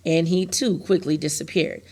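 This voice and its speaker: A woman reads a children's novel aloud in a steady, plain storytelling voice, a little low in pitch. She makes the odd small slip and corrects herself as she goes. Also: normal speed, husky. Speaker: teacher reading to a class. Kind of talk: reading a novel chapter aloud.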